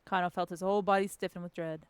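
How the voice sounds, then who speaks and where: A woman's voice: on the low side, fairly even intonation, fast talker, clear, resonant tone, no room sound. A woman streamer reading a story game aloud live, cracking jokes and swearing between lines of narration.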